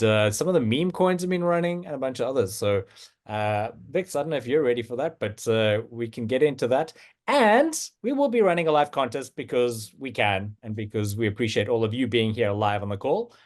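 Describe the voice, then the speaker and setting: A man hosting a casual livestream chat, halting and full of fillers and restarts. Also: mid-range voice. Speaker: host.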